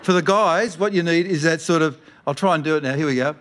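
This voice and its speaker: A middle-aged Australian man with a fairly high voice reads his own comic story to a live audience. He rambles through it, dropping deadpan asides and jokes between the lines. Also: fast, hardly any pauses. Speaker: writer reading his story.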